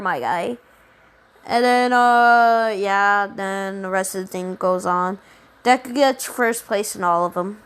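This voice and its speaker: A woman casually retelling a fan story, rambling, slangy and profane, with frequent laughs. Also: medium pitch.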